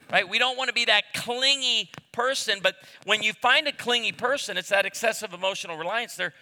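A man in his fifties preaching a sermon, telling humorous stories and acting out the voices of the people in them. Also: sits high. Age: 50s. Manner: animated storyteller, acts out voices. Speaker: pastor. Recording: long hall reverb.

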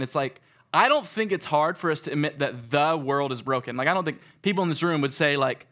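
A young man giving a sermon to a live audience in a room, talking in a casual, animated way and acting out stories. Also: a little high, a little fast. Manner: animated, conversational, acts out stories. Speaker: youth speaker.

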